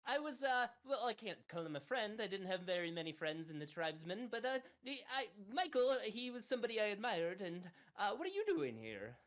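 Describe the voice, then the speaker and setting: Woman voicing a winged creature, excited, stammering, very high, lively. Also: moderate pace. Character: eager chatty winged male creature, excitable.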